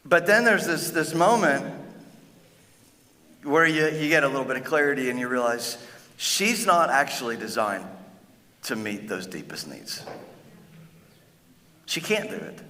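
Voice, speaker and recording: A man's voice: on the high side, pushed and bright. Earnest man preaching in a reverberant hall. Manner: earnest, halting, with frequent restarts. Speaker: pastor. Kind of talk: sermon. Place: large church hall.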